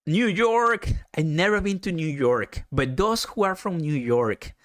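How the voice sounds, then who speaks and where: A man hosting a casual live stream, chatting excitedly, laughing often and answering viewer comments. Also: fairly high pitch, normal speed, dry recording, clean studio sound.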